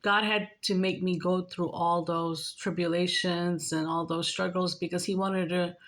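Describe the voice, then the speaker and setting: Speaking unhurriedly in a level tone, a woman with a lowish, slightly bright voice addresses her viewers. She's a spiritual vlogger giving a casual, earnest talk on faith and helping others, chatty and prone to repeating points.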